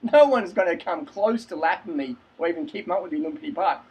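A man's voice: high voice, lively intonation, fast talker, a little mellow, husky, poor audio. A man telling a story in a casual vlog, acting out both sides of the conversation and laughing often. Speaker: fitness vlogger.

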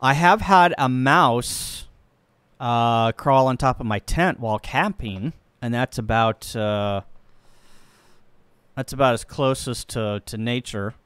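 Easygoing male ham radio streamer from Missouri, unhurried delivery, smooth dry voice, jokey and rambling. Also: medium pitch, a bit bright, no room sound. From Missouri, USA. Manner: rambling, joking and easygoing, thinking aloud while operating. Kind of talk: casual live-stream chat.

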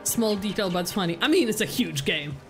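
A woman's voice: medium pitch, animated, brisk, faint music behind. A young woman streaming a video game, chatting casually, giggling and breaking off her own sentences. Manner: chatty, giggly, self-interrupting. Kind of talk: casual gameplay commentary.

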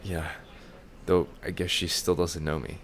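A man doing a soft, sad young son. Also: sits low, little pitch movement, a little slow, voice pushed down. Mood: subdued. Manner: soft and subdued.

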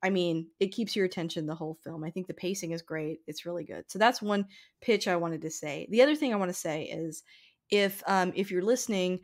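A woman's voice: lowish voice, fairly quick. A woman co-hosting a casual film podcast, chatty with many fillers, sometimes reading a synopsis aloud. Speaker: podcast co-host.

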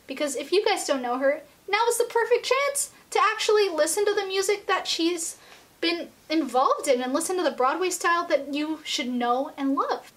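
A young woman with a high voice talks straight to her vlog audience. She gushes like an excited fan, runs out of breath and sprinkles "like" through every sentence. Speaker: vlogger. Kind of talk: excited casual vlog chat.

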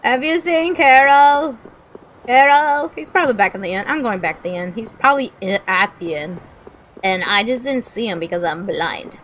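A woman's voice: mid-range voice, animated, fairly quick, bright, forceful tone, a little hiss or hum. A woman in her late twenties giving goofy, rambling commentary while playing a game. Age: late 20s. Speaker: gamer.

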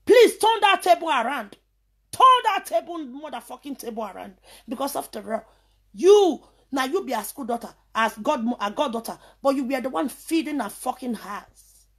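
A woman's voice: high voice, expressive, moderate pace. A woman with a Nigerian accent in a heated, scornful vlog rant, hurling insults and sliding into sing-song chanted taunts. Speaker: vlogger.

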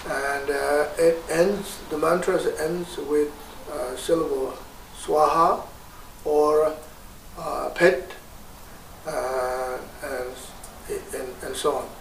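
A man with a Tibetan accent teaching a guided meditation, slow and patient with many hesitations. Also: a little high, fairly even intonation, creaky, slight background noise. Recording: roomy, distant mic.

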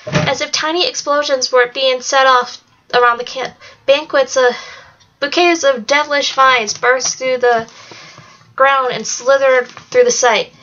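A woman reads a novel aloud in a fairly high voice, keeping a steady pace and now and then stumbling and correcting herself. The home recording is dull and lo-fi. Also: measured pace. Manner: steady reading with occasional slips and self-corrections. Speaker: narrator.

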